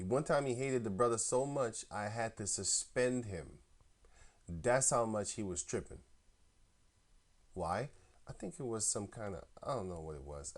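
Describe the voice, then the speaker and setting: A man tells a long rambling story in slangy, profane street talk. He jumps into the voices of both sides of a heated phone fight, getting loud and high when the story heats up. His pitch sits in an ordinary middle range. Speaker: camp member telling a story. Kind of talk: casual storytelling rant.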